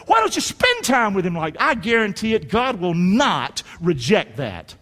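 A middle-aged male pastor preaching a sermon in a folksy way, rising to shouts and dropping to near-whispers. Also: high voice, sing-song, moderate pace, hardly any pauses. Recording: long hall reverb.

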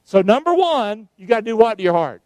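High-voiced preaching pastor, dry sound. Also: male voice, sing-song, a little fast, darkish tone, dry recording. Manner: emphatic preaching with call-and-response. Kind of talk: sermon.

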